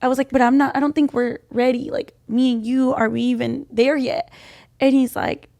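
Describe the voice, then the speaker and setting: A woman's voice: high voice, fairly even intonation, moderate pace, creaky, darkish tone, no room sound, clean studio sound. A woman in her late twenties, pregnant, telling a personal story in a chatty way with a lot of "like"s as a podcast co-host. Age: 20s. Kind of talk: casual chat.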